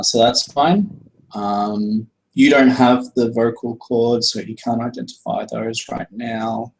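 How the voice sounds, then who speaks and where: A man narrating as game master in an unhurried way, with many fillers. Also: on the low side, vocal fry, rough recording.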